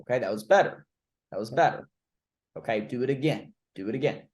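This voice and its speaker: A man's voice: medium pitch, lively intonation, brisk, a little mellow. A man coaching a trainee through cold-call role-play, blunt and informal, with the odd swear word. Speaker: recruiting coach.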